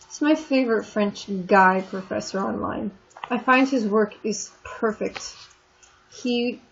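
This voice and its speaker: A woman teaching a French class in a recorded online lesson, explaining in a chatty way and stretching out the French words. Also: on the high side. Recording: dull lo-fi screen recording with faint noise.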